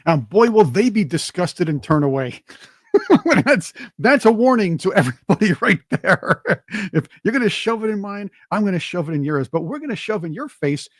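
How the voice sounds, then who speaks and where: A man's voice: sits high, sing-song, moderate pace, no room sound. A man co-hosting a casual talk show, joking and laughing easily. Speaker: co-host. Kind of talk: casual chat.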